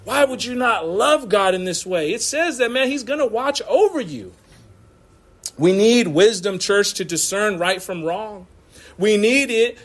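Guy preaching in church, high voice, really animated, laughs a lot, talks street-casual to the crowd. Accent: American. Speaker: pastor. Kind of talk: sermon.

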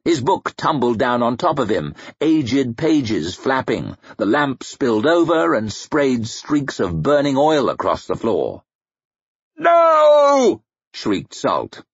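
A man reading an audiobook in a dramatic, expressive, measured way. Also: medium pitch, husky, dry recording, dull audio. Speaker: audiobook reader.

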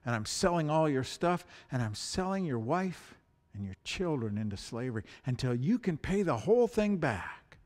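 A man voicing a wrathful king passing judgment, speaking low and hushed with menace. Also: very animated, moderate pace. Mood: stern.

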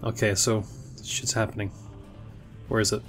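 A man's voice: lowish voice, flat delivery, moderate pace, over music. A man with a stuffy nose, chatting casually and swearing lightly as he reacts to an anime episode, with the show's audio playing underneath.

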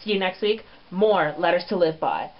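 A man with a high-pitched, expressive voice talks at normal speed while hosting his own comedy vlog. His style is sassy and crude, full of swearing, and the audio is lo-fi and dull.

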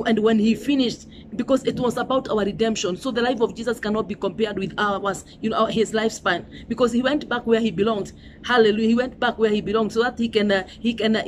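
A middle-aged Kenyan woman preaches a sermon in a fairly high, slightly mellow voice. Her delivery is emphatic and repetitive, with "you know" and "Hallelujah" running throughout. A faint ambient hum sits behind her.

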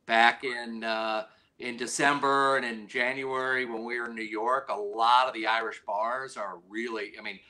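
A man's voice: mid-range voice, fairly even intonation, moderate pace, bright, forceful tone. A man guest talking about cocktails, hesitant and stammering but enthusiastic. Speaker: brand representative guest. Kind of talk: casual interview.

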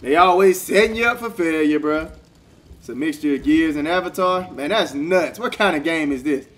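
A young man giving excitable, casual commentary while playing a video game and talking back to the characters. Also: a little high, moderate pace, slight background noise. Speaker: gaming streamer. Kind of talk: casual let's-play commentary.

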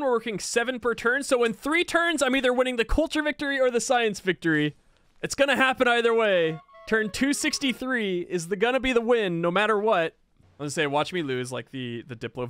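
A man giving casual, excitable commentary while playing a video game, exclaiming and laughing at what happens. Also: high voice, no echo.

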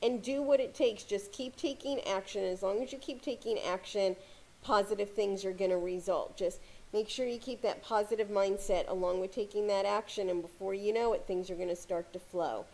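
A woman giving casual motivational advice to camera as a success coach, talking calmly with frequent "you know" fillers. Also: medium pitch, moderate pace. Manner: calm, conversational, many "you know" fillers.

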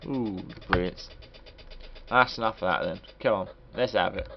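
A man's voice: fairly low pitch, brisk, gravelly, noisy background. Rambling man reviewing a game. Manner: rambling, crude, joking asides. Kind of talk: casual game commentary. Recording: dull lo-fi recording.

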